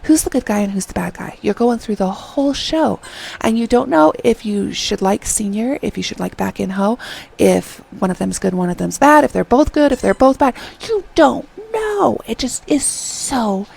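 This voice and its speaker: A woman's voice: medium pitch, moderate pace, vocal fry, a little mellow, husky, rough recording. A middle-aged woman reviewing a drama in casual chat, retelling scenes and quoting the characters.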